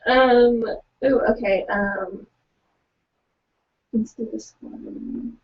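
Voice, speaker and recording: A woman's voice: fairly high pitch, extremely slow, vocal fry, far from the mic. A young woman co-hosting a live online writing session, chatting casually, hesitant with many fillers and giggles between lines. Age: young adult. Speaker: co-host of a virtual writing event. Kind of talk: casual chat, reading out excerpts. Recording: muffled, from away from the mic.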